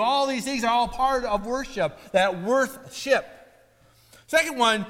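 A man's voice: extremely high pitch, expressive, measured pace, a bit bright. Man preaching in a reverberant hall. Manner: conversational storytelling preacher, acts out quotes. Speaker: pastor. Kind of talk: sermon.

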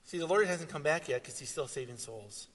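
A man preaching a sermon, swinging from loud, animated retellings to quiet, earnest asides. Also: fairly high pitch, brisk. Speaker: pastor. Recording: long reverb of a hall.

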